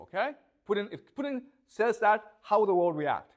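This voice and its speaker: Lively lecturing male professor. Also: high-pitched, brisk, hardly any pauses. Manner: keeps checking in with the class, repetitive; emphatic, questioning. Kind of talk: classroom lecture.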